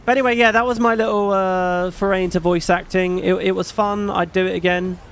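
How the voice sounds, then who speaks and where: A man's voice: sits high, steady tone, fairly quick, fairly bright tone, clean tone. A British man, the host of a gaming video, chatting casually and candidly, with the odd swear word. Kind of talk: casual chat.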